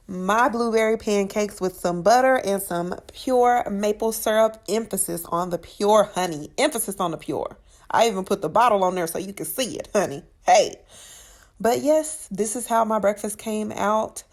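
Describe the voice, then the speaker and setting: Speaking at a moderate pace in a medium-pitched voice, a woman talks through a recipe on her cooking channel. Her voice-over is sassy and chatty, and she addresses viewers as honey and child.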